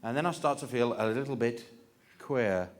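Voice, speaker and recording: A man's voice: medium pitch, normal speed. A man doing a stand-up comedy story on stage, theatrical and mock-anguished. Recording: live stage recording with audience noise.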